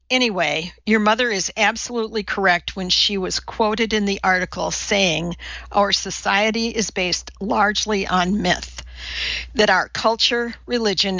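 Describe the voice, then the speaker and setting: A woman reading an audiobook, voicing a calm male minister who lectures wryly. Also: medium pitch, dry recording, lo-fi sound. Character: male minister, measured and wry.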